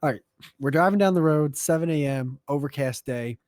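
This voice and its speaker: A man's voice: a little high, a little fast, darkish tone, no echo. Rambling, profane man, dry close mic. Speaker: podcast co-host. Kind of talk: casual podcast chat.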